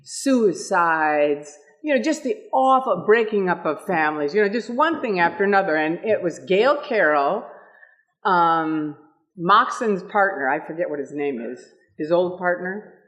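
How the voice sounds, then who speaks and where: Lively woman in her sixties telling stories. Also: fairly low pitch, dull audio. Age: 60s. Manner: lively, laughing, acts out quotes. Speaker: ex-member speaking at a meetup. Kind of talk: animated storytelling talk.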